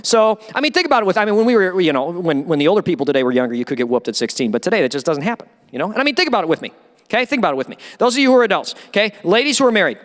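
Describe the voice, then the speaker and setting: A man who is a pastor, preaching a sermon in a church and acting out quoted voices with animated energy. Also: sits high, very fast, big-room sound. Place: church sanctuary.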